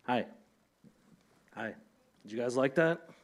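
A man's voice: medium pitch, lively intonation, slow pace, background noise. A man hosting a casual interview, talking loosely with laughter and casual swearing. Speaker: podcast host.

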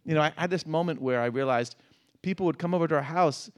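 Middle-aged man, conversational, halting delivery with restarts and laughs. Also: on the high side. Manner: halting, repeats words, laughs often. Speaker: guest. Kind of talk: conversational interview.

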